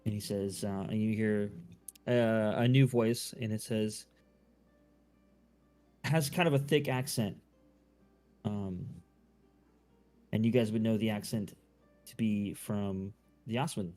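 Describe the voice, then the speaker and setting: A man's voice: fairly low pitch, steady tone, slow pace, pauses often, a little mellow, faint music behind. A man running a tabletop game as game master, narrating loosely with many fillers and restarts.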